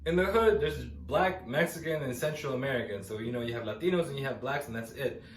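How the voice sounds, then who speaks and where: A man's voice: medium pitch, fairly quick, slight background noise. A young man from Los Angeles doing a stand-up set, telling stories and acting out the voices in them. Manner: animated storytelling, acting out quoted voices. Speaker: stand-up comedian. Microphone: no microphone, camera mic. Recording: roomy echo, faint ambience, no microphone.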